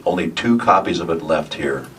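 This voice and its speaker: A man, a voice actor, telling animated stories and answering questions at a convention panel. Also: low voice, normal speed. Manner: animated storyteller, puts on voices in anecdotes. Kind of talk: panel talk with audience. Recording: noisy hall, miked from a distance.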